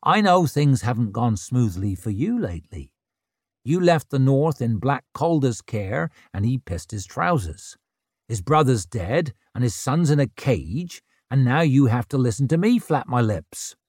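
A man's voice: medium pitch, very animated, a little slow, darkish tone, dry recording, studio quality. A man voicing a brash young woman chieftain who needles and teases in a cheeky, mocking way.

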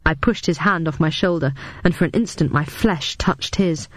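A woman reading a first-person story aloud as an audiobook, with steady, even storytelling. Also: deep voice, moderate pace, no room sound. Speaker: audiobook narrator.

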